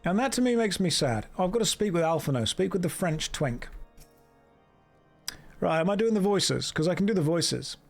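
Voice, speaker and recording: Male streamer, dry sarcastic live commentary, lively pitch, faint game music behind. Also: moderate pace, gravelly. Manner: sarcastic, jokey running commentary.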